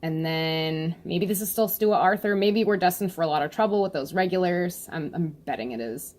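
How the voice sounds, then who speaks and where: Brief: a lively woman reviewer, chatty and giggly, reacting to a comic chapter in a casual, unfiltered way. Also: lowish voice, moderate pace. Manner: chatty and animated, laughs often, swears casually.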